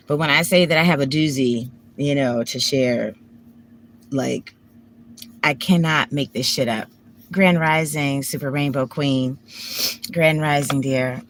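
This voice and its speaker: A woman's voice: rumbling low, steady tone, a little slow, a little hiss or hum. A woman with a Washington DC accent, vlogging from her parked car on a phone, talking candidly and profanely in a rambling way. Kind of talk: casual emotional chat.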